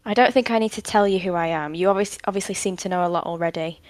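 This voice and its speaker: A woman's voice: lowish voice, fast, no echo, close to an everyday voice. A woman voicing a guarded, stubborn female cleric who answers curtly. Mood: defiant. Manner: curt, defiant.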